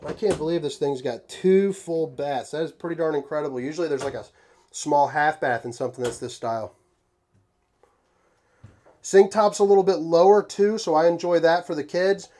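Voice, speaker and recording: A man's voice: fairly high pitch, normal speed. Folksy man giving a casual RV tour. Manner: folksy, joking, relaxed slang. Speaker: RV tour host. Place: inside an RV.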